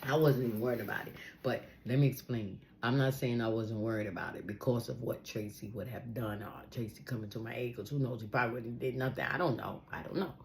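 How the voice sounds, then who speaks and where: A woman telling a personal story in a casual, animated way, acting out the people she quotes. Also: a bass voice, quick pace, few pauses, a little hiss or hum.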